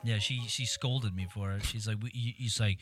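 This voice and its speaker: A man's voice: lowish voice, fairly even intonation, normal speed, fairly bright tone, soft background music. A man in his thirties chatting casually over a video game, rambling and correcting himself as he tells stories. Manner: rambling, self-correcting storyteller. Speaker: gamer chatting with a friend. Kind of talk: casual chat over gameplay.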